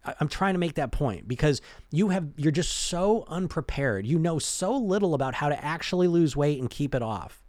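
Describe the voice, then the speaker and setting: A man's voice: on the high side, animated, normal speed, darkish tone, dry recording. Chatty man coaching in a dry room. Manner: conversational, keeps asking "right?" and "you know?"; restarts and repeats words mid-sentence. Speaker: weight-loss coach. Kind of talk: casual motivational talk.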